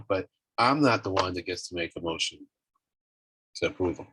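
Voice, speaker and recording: A man chairing a virtual meeting on a video call, talking in a halting way with many restarts and fillers. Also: low voice, fairly bright tone, breathy edge, no echo, low-quality recording. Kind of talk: casual virtual meeting talk. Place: home office on a video call.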